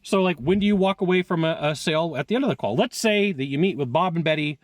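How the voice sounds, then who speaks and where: A man's voice: on the high side, no echo, clean studio sound. Chatty, upbeat man coaching on video. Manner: animated, laughs often, quick asides and self-corrections. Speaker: sales coach. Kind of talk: casual video talk to camera. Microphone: headphones on, recorded live.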